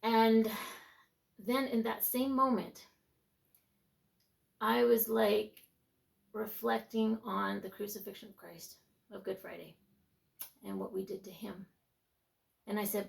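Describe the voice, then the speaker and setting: A young woman in her twenties speaking with a heavily gravelly, fry-laden voice. She shares a personal faith testimony, earnest and reflective, restarting her thoughts as she goes and sometimes sinking to a near-whisper. Her pitch sits in an ordinary middle range. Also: fairly even intonation, slow, pauses often. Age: 20s. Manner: heartfelt, drops to near-whispers for inner thoughts. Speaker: faith vlogger.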